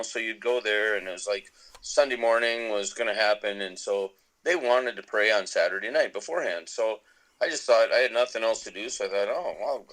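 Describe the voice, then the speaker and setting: A man's voice: fairly low pitch, a bit bright, rough recording. A middle-aged man, a podcast guest, tells a long personal story casually, with many restarts. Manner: rambling with many restarts and laughs.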